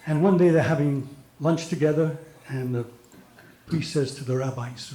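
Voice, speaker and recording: A man's voice: on the high side, moderate pace, warm tone. Older man telling jokes on stage. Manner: storytelling, acts out characters, occasional stumbles. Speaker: stand-up comedian. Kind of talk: stand-up joke telling. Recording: echoey room.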